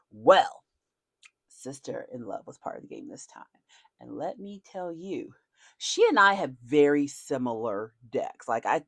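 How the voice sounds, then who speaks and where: A woman's voice: low-pitched, no echo. A middle-aged woman vlogging casually as she opens card packs, telling rambling stories full of casual slang. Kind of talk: casual chat while opening card packs.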